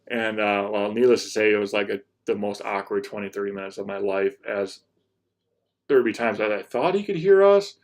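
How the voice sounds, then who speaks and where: Young male hunting vlogger, casual and rambling, slightly low voice. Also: normal speed, a little mellow. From Michigan. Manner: rambling, restarts and repeats words. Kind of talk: casual vlog talk to viewers.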